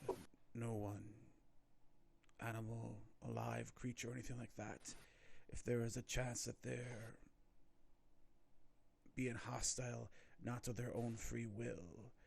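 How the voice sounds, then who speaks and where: A man playing his character in a tabletop game, speaking earnestly and measured. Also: medium pitch, level tone, vocal fry, a little mellow, slight background noise. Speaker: player.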